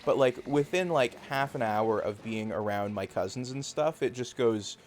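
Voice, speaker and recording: A man's voice: medium pitch, normal speed, slight background noise. A man with a Canadian accent, hosting a live game stream from home and chatting casually while he plays, rambling with lots of fillers. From rural Canada. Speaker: streamer host. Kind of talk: casual chat while gaming.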